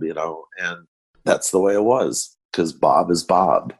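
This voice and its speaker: An older man, a photographer guest, telling backstage anecdotes in an animated storytelling manner. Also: low voice, unhurried, breathy edge. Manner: animated storyteller acting out quotes.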